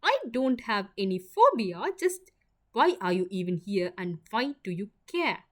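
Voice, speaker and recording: A woman's voice: mid-range voice, animated, a little slow, a little mellow, natural voice. A woman voicing a proud, stubborn young woman who is hurt and near tears, answering sharply with a trembling edge. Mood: sharp, defensive.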